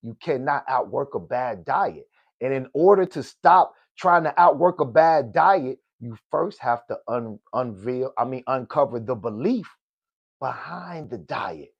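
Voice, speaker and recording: A middle-aged podcast host from Oklahoma, US, gives a preachy, motivational personal talk, calling out to his listeners and repeatedly saying "good people" and "right?". His mid-range voice is animated and creaky with a breathy edge, at a measured pace. The recording has no room sound and its highs are cut off.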